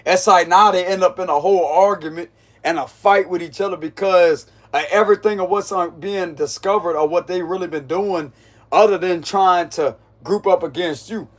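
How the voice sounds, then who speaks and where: A man's voice: high voice, normal speed, a bit bright. A man giving a casual, mocking tarot reading, full of slang and frequent laughter. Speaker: tarot reader.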